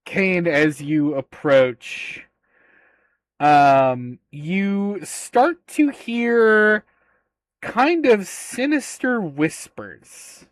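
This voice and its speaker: Very slow, hesitant game master, man. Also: sits high, animated, dry recording. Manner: hesitant, many filler sounds. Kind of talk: narrating a tabletop game.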